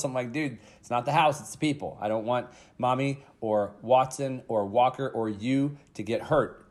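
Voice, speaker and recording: An energetic man in his thirties talks straight into a podcast mic, his voice sitting at an ordinary middle pitch. He tells stories with emphatic punches and casual fillers, and swears now and then. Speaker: podcast host. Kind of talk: motivational podcast monologue.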